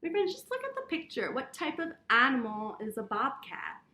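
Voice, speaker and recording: A woman teaching yoga to children, reading a story aloud in a gentle, encouraging way and roaring and meowing with them. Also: on the high side, huge pitch swings, moderate pace, recorded from a distance. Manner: gentle, encouraging, playful animal sounds. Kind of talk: storytime with kids' yoga instruction. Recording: echoey room.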